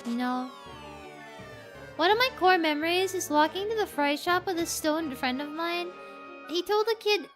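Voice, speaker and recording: A woman's voice: extremely high pitch, fairly bright tone. A woman streaming a game and chatting casually with her viewers, reacting to the game and to chat as she plays. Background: faint game music.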